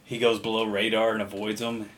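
Low-voiced man recapping a movie. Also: level tone, fairly bright tone. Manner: profane, recaps the plot with quick acted quotes. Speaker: podcast co-host. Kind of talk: casual movie chat.

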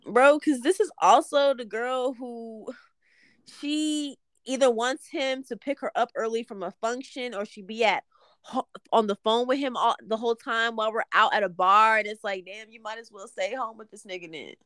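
A young woman with a fairly high voice co-hosts a casual podcast chat. She tells exaggerated stories, swears freely and often breaks into laughter. Her voice sounds dry, with no room around it. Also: moderate pace, a bit bright, clean tone, no echo. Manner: exaggerated, profane storytelling with bursts of laughter. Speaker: podcast co-host.

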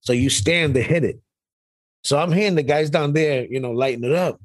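A young man telling profane, animated stories on a podcast, often laughing. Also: fairly high pitch, moderate pace, no room sound. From Brooklyn, New York. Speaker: podcast co-host. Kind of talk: casual storytelling chat. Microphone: podcast microphone.

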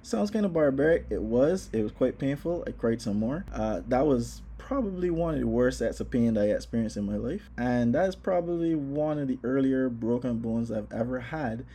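A man casually telling a personal story, animated, acting out his own exclamations. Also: medium pitch, moderate pace, few pauses, slightly rough.

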